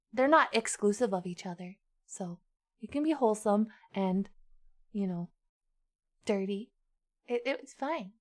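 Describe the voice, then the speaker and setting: A woman streamer chatting casually with her chat, dramatic and quick to swear. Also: medium pitch.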